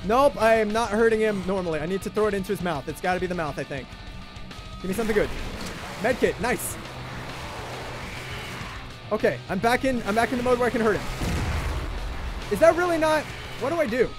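Very high-voiced excitable young man. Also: fairly quick, long pauses, over music. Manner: excitable, jokey, talks to chat, repeats himself when panicking. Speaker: gaming livestreamer. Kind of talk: excitable live gameplay commentary.

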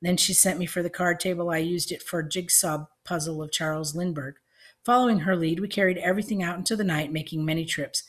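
A woman reading an audiobook, narrating with measured storytelling. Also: on the low side, fairly even intonation.

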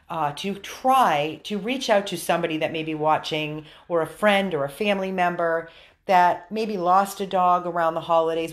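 An American woman volunteering with a dog rescue, speaking earnestly to viewers in an appeal video from a room at the rescue house. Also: on the low side. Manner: earnest, coaxing baby talk to the dog.

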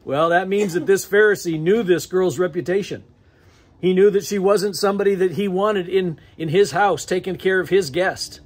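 A husky, fairly high-pitched man with an American accent delivers a church sermon. He preaches in a loose, conversational way and chuckles often between phrases. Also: moderate pace. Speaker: pastor. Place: church sanctuary.

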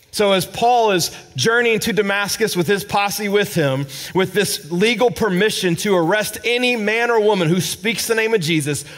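A male pastor delivering a sermon with a high, lively voice that climbs and plunges. He moves between ringing emphasis and quiet, low asides. Now and then he repeats a word as he feels for the next phrase. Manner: dramatic preaching, swinging between loud emphasis and hushed, low asides; repeats words when searching for phrasing. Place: church service with a responding congregation.

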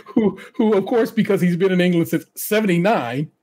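An American man hosting a podcast in casual chat, reading contestant bios aloud with chatty, animated asides and frequent laughter. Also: high voice, fairly quick. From United States. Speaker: podcast host.

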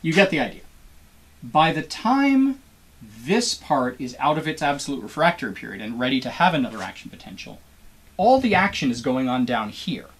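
A husky, mid-range male voice delivers a recorded biology lecture at a moderate pace. He explains things one step at a time and encourages his students, animatedly imitating a cheering crowd doing the wave as an example.

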